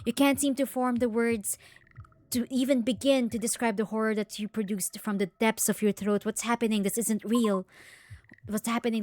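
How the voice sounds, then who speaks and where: A woman's voice: mid-range voice, dry recording, clean studio sound. A woman streamer reading a horror game's text aloud with dramatic, tense narration and shocked asides.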